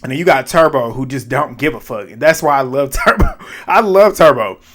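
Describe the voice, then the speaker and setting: A man's voice: medium pitch, lively intonation, fairly quick, a bit bright. A man giving a casual, slangy recap of a reality show, retelling scenes in an amused way.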